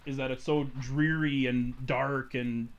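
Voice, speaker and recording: A man's voice: medium pitch, fairly even intonation, highs cut off. A man co-hosting a casual podcast about movies, joking around and laughing easily. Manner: joking, giggly, quick to laugh. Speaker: podcast co-host. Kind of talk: casual nerd podcast chat.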